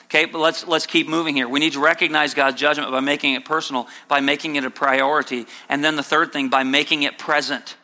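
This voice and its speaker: Bright-voiced preacher in a reverberant hall. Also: male voice, fairly even intonation, quick pace, hardly any pauses. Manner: preaching, swings between low earnest and high sarcastic mock quotes. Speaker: pastor. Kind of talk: sermon.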